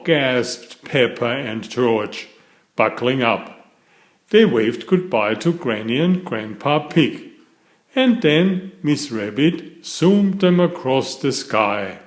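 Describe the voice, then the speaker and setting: A man reading a children's picture book aloud, with a slow, expressive delivery. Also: mid-range voice. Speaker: storybook reader. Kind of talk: children's story read aloud.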